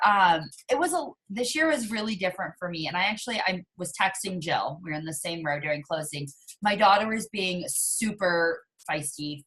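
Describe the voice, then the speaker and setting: A woman in her thirties talks to her team on a casual motivational call. Her voice sits at a middle pitch, and her talk is chatty and heartfelt, with plenty of ums and likes. She sounds like she is speaking from home into a webcam or phone. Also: a bit bright. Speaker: team coach leading a call.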